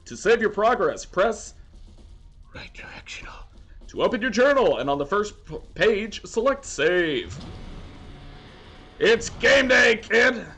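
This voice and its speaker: A man voicing a gruff male military drill coach who barks orders at recruits. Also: high-pitched, very animated, slow pace, long pauses, sharp tone, soft background music, pitched above the performer's own voice, heavily acted. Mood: barking.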